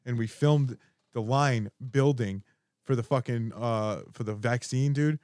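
A man co-hosting a radio show, ranting and telling stories in excited, heavily profane casual talk. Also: medium pitch, measured pace, no echo, clean studio sound. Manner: excitable ranting storyteller, heavy swearing.

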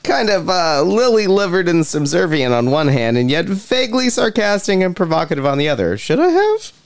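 A man's voice: high-pitched, very animated, brisk, clear, resonant tone. An actor playing a sarcastic, menacing male police detective in a stage play reading, mocking and taunting. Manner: mocking, sing-song, taunting.

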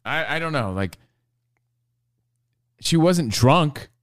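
Man joking on a podcast, lively pitch. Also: slow pace, no room sound, studio quality. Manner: joking, acts out voices of others. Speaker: podcast co-host. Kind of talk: casual chat.

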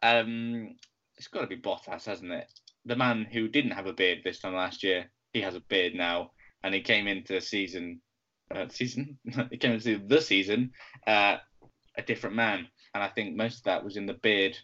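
A man with a lowish voice chats on a casual podcast, laid-back and dry. The recording is dull and lo-fi. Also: moderate pace, pushed and bright. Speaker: podcast co-host. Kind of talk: casual chat.

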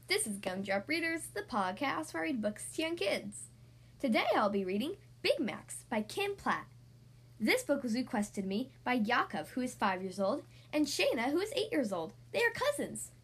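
Breathy, lively woman reading to children. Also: high voice, normal speed. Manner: warm, expressive reading. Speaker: podcast host and reader. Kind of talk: storybook read-aloud for children.

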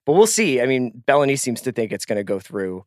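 Male podcast co-host, average pitch, loose joking delivery, dry studio sound. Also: brisk, no echo. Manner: relaxed, joking, with many fillers. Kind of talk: casual podcast chat.

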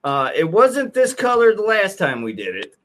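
A man's voice: high voice, huge pitch swings, moderate pace, fairly bright tone. A man on a podcast, talking casually and groaning as he struggles through a very hot chip. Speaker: podcast host. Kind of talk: casual chat.

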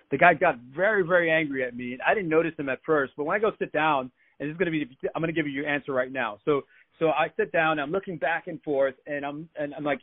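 A man telling stories as a guest on a radio talk show, chatty and repeating his words as he goes. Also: fairly high pitch. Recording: phone line into a radio show.

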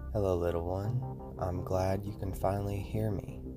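A quiet, raspy voice that lives inside a child's head, as a man puts it on for a spoken horror story. It is deep and coaxing, soothing and friendly on the surface but quietly manipulative underneath. Music plays behind it. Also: fairly even intonation, normal speed, lightly acted.

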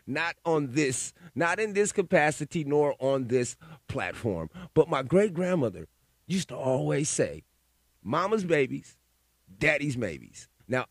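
A man's voice: on the high side, no echo, clean studio sound. A man hosting a solo podcast, telling stories and giving opinions in a rambling, profane, casual way. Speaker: podcast host.

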